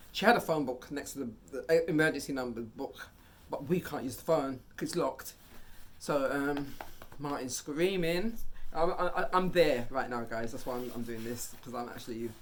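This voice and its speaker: A man telling a casual story to his viewers in a medium-pitched voice. He talks in an animated way, rising loud and high when the story grows tense. A faint noise sits behind him.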